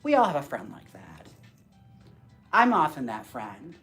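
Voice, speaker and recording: A man hosting a casual live stream while styling dolls, talking to viewers by name in a campy, sassy way with quick jokes and frequent laughs. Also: on the high side, huge pitch swings, fairly bright tone, husky, soft background music. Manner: talks to viewers by name, reads chat aloud.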